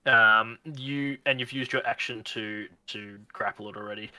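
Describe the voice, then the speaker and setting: Male game master on a video call, bright tone, easygoing narration. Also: lowish voice, fairly even intonation, normal speed, rough recording.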